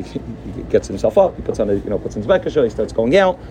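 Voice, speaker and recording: A man giving a sermon as a rabbi, telling a story in an animated way and sprinkling his speech with Yiddish and Hebrew words. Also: medium pitch, fast talker, a little hiss or hum.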